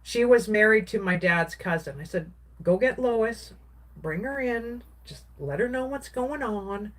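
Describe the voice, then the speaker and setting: A woman's voice: a little high, expressive, a little slow. A woman, a craft vlogger, casually recounting a personal story in a rambling way, with many restarts and filler words.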